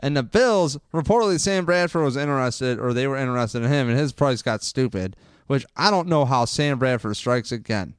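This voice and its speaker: A man rants casually into a close microphone, rambling and then getting fired up and cursing. His voice is smooth and clear, and the recording sounds dry and close with no room echo. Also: mid-range voice, lively intonation, brisk. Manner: rambling, gets fired up and swears. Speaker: podcast host. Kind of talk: casual sports rant.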